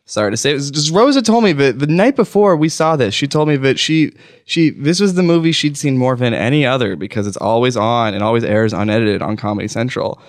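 A man talking with a very lively, swooping pitch in relaxed comedic banter. His voice is sarcastic and animated, and the recording is close and dry, with no room sound. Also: fairly quick, dry recording. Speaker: podcast host. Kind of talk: casual comedic chat.

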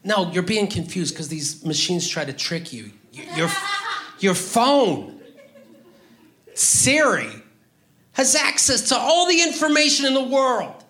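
A man performing stand-up, his pitch leaping all over the place as he rants profanely. His voice is bright and cutting, and he breaks into sudden loud outbursts. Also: sing-song, slow pace. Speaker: stand-up comedian. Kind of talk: stand-up routine.

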